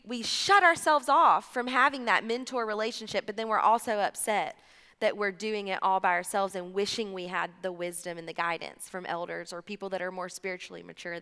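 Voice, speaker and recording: A woman, preaching a sermon in a chatty, animated way and acting out little bits of dialogue. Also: a little high, clear, resonant tone. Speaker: church speaker. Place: large church hall. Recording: live church hall, reverberant, music behind.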